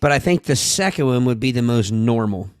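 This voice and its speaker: A man's voice: mid-range voice, lively intonation, fairly quick, clean tone, no echo, studio quality. A man co-hosting a podcast, chatting casually and reasoning things out. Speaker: podcast co-host. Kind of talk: casual chat.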